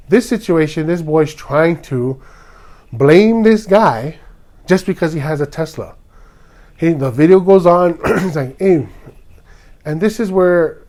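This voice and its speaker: The speaker is a Hawaiian man hosting a podcast, his voice a little high with a darkish tone. He rants indignantly and heatedly, performing others' lines as he goes.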